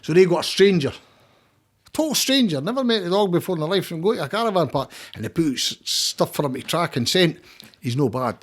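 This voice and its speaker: Scottish man, podcast guest, fairly high voice, rambling casual storytelling, repeats words, swears. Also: animated, brisk.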